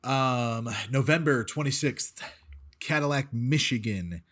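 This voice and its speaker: Chill guy on a podcast, talks slow, kinda goofy. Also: medium pitch, fairly bright tone. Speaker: podcast guest, musician. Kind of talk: casual podcast chat.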